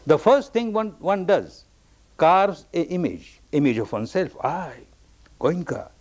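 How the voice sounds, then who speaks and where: A man's voice: high-pitched, very animated, a little slow. A man giving a meditation discourse, telling teaching stories, repeating key phrases for emphasis and acting out the people he quotes.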